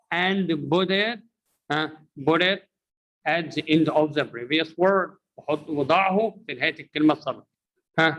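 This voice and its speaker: A man's voice: on the high side, a bit bright, low-quality recording. A man with an Egyptian Arabic accent teaching English pronunciation, switching between English and Arabic and repeating drills for the learner. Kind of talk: online language lesson.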